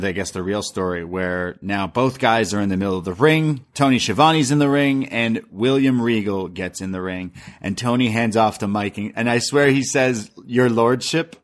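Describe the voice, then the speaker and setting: A man with a fairly low voice talks through a wrestling show in loose, rambling podcast chat. He laughs often and slips into retelling what people said. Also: normal speed, few pauses. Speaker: podcast co-host. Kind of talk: casual wrestling recap chat.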